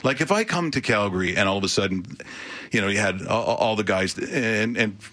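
A man's voice: fairly low pitch, brisk. A middle-aged man, a radio personality, telling stories on a studio microphone and acting out the voices of others. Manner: animated storyteller, acts out quotes. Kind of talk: casual radio interview.

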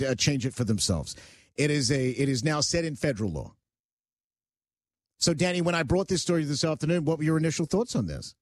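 A man's voice: a little high, dry recording. Male talk radio host, emphatic and self-mocking, dry close mic. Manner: emphatic, argumentative, self-joking. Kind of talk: radio talk show banter.

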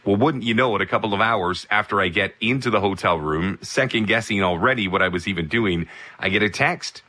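A baseball broadcaster telling a casual personal anecdote, animated and full of asides. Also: male voice, on the low side, a little fast. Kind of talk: casual storytelling.

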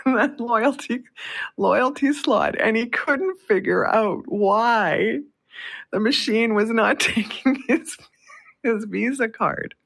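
A woman's voice: medium pitch, fairly bright tone. A woman radio host from Canada, chatty, telling a story and laughing often between phrases. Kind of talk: storytelling on a call-in radio show.

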